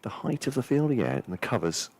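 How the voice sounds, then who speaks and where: A man's voice: mid-range voice, sing-song, fairly quick, a little mellow, slight background noise. A man co-commentating on a cricket match, methodically working through the fielders and calling each ball. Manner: careful, methodical, checks the fielding positions aloud. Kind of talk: live sports commentary.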